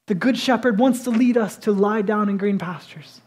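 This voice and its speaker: A man preaching a sermon in a high, light voice. He talks to the congregation in a relaxed, conversational way and is animated, then drops to a near-whisper to stress a point. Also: moderate pace, few pauses. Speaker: pastor.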